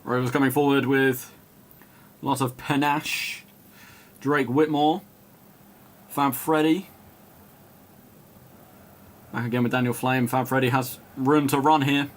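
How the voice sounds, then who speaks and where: A man doing live play-by-play commentary, calling player names in quick bursts, chatting and laughing with viewers, and rising to shouts when a goal goes in. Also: medium pitch, fairly even intonation. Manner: chats and laughs with viewers between calls. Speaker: match commentator.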